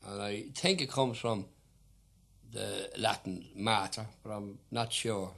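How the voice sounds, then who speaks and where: This old archival record captures a singer from Dublin whose spoken intros to his unaccompanied ballads are wry and dotted with hesitant fillers. He talks slowly, his fairly low voice slightly bright and marked by vocal fry.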